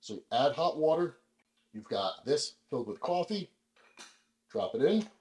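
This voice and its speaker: A man hosting a casual video, explaining things in a relaxed, chatty way with lots of fillers, speaking in a kitchen. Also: fairly high pitch, a little slow, echoey room, low-quality recording. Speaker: vlog host. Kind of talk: casual demonstration.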